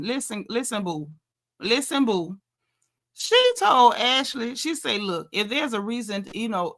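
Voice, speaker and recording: Woman host, bright voice pitched a bit high, animated gossipy recap delivery. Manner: animated, gossipy, quotes people in lively asides. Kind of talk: casual recap chat.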